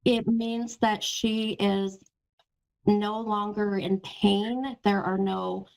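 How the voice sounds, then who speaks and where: A woman hosting a live call-in psychic reading, talking gently and reassuringly to a caller and calling her hun and sweetheart. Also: mid-range voice, steady tone, drawn-out words, creaky, low-quality recording. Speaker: psychic medium host.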